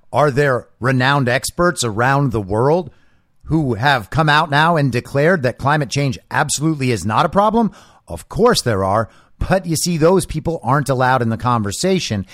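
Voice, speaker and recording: A man's voice: on the high side, dry recording, clean studio sound. A man hosting a political commentary show, delivering an opinionated monologue in a sarcastic, mocking manner.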